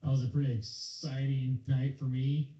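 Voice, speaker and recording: A man vlogging, casually retelling a night's events to his viewers in an animated way. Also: moderate pace. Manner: animated retelling, acts out quoted voices higher. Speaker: vlogger telling a story. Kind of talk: casual story time. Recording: dull roomy lo-fi sound.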